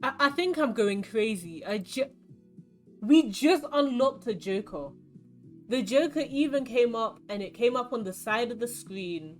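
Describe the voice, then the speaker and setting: Faint music plays behind a young woman from London whose voice sits on the high side and moves a little slowly. Streaming a card game, she chatters away in a London accent, rambling through animated stories.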